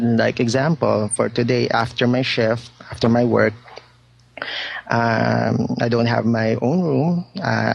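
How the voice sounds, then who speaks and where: A man's voice: mid-range voice, vocal fry, muffled recording. A man in his thirties calling in over the internet, talking hesitantly with many fillers. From Philippines. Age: 30s. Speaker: caller.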